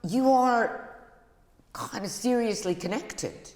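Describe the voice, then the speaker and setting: A woman's voice: on the high side, slow, a little mellow. A Scottish woman hosting a casual interview, teasing her guests with dry wit. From Scotland. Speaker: host. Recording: echoey hall, audience noise.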